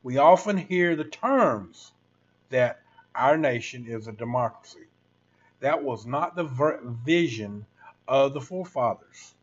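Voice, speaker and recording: Man in his sixties, livestream rant, rambling and preachy, middle pitch, dull lo-fi audio. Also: lively intonation, measured pace, husky. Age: 60s. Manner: rambling, preachy, addresses viewers as folks. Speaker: livestream host.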